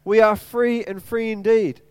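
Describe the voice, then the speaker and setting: A man's voice: high-pitched, little pitch movement, unhurried, a little mellow, clear, resonant tone, no room sound. A middle-aged man preaching a sermon in an earnest way, repeating phrases to drive his point home. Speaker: pastor.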